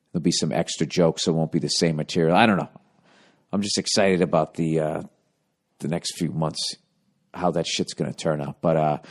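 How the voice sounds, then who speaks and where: A man hosting his podcast, rambling through a profane, self-mocking monologue in casual chat. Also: sits low. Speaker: podcast host.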